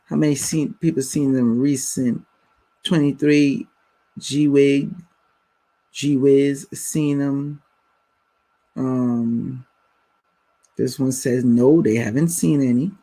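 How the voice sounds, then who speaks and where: A man's voice: medium pitch, fairly even intonation, slow pace, long pauses, dark tone. A man hosting a live stream, talking bluntly and casually to his viewers in slang. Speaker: livestream host.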